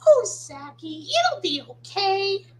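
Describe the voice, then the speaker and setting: A woman's voice: very high-pitched, lively intonation, slow, a little mellow, pitched above the performer's own voice, full character voice. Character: a woman doing a chirpy little cartoon kid. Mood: comforting. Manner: chirpy, childlike. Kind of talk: fan cartoon voice impression.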